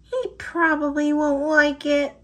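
A woman voicing a meek, hopeful young male mouse in a read-aloud storybook, soft and apologetic. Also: sits high, flat delivery, takes it slowly, pitched above the performer's own voice. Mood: sad. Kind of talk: storybook character voice.

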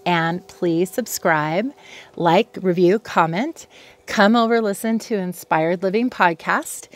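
A woman's voice: on the low side, takes it slowly. A middle-aged woman, a clinical psychologist, talking casually to camera from her home patio, chatty and easily sidetracked. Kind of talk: casual educational talk to camera.

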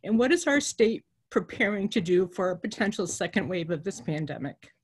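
A woman who works as a nurse and represents nurses, speaking earnestly and with emotion at a virtual town hall, with pauses and fillers. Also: mid-range voice, animated, slight background noise.

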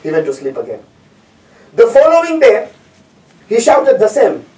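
High-voiced man preaching in echoey hall. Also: huge pitch swings, moderate pace, dark tone. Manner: repetitive, emphatic, rhetorical questions. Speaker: lecturer. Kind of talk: sermon storytelling. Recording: echoey hall, distant mic.

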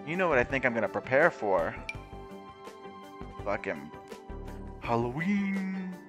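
A man's voice: mid-range voice, sing-song, fast, music in the background. Chatty, swearing man playing a game. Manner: chatty, swears freely, reads game text aloud. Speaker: gameplay video host. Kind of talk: casual gameplay commentary.

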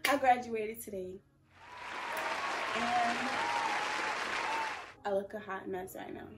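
A woman's voice: fairly high pitch, steady tone, slow pace, distant mic, loud music behind the voice, over a noisy crowd. A young woman in her early twenties talking casually to camera in a vlog, emotional and fighting back tears. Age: early 20s. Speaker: vlogger.

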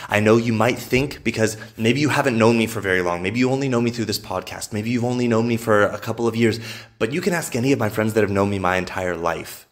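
A podcast host with a fairly low, slightly bright voice delivers a motivational monologue. He is emphatic and repetitive, swearing freely as he goes.

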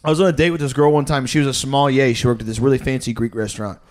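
A man's voice: medium pitch, steady tone, very fast. A man telling casual stories on a podcast, rambling and profane, full of filler words. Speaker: podcast guest. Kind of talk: casual storytelling.

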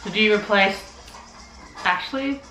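A young woman hosting a reaction video, talking back at the screen with lots of swearing and excited outbursts. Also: medium pitch, slow pace. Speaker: reaction channel host. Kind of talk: casual reaction commentary. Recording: roomy echo, TV sound under. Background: show audio playing from the TV.

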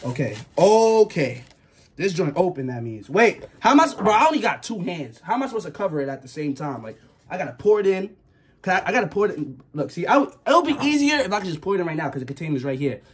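A man's voice: high voice, sing-song, quick pace, a little hiss or hum. A nervous young man vlogging casually, insisting he isn't scared and yelping now and then. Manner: jittery, keeps insisting he isn't scared, yelps.

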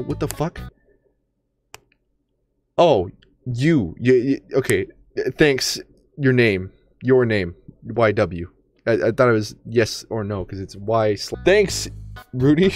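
A young man reads aloud in a mock-sensual voice, his pitch swooping up and down. He keeps breaking into laughter and stopping to comment. It sounds like a desk microphone at home. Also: big pitch swings, measured pace, long pauses, darkish tone, faint music behind. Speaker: YouTuber reading fan fiction while gaming. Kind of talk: comedic dramatic reading and game commentary.

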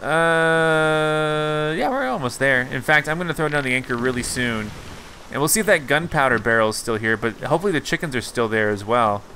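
Upbeat American man hosting a game session, animated delivery, noisy backdrop. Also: medium pitch, a little fast. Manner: upbeat, laughing often. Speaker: host. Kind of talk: casual gaming chat.

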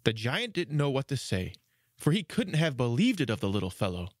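A man narrating a fairy tale for a children's podcast, measured and expressive. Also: medium pitch, dry recording, clean studio sound. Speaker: storyteller. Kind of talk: storybook narration.

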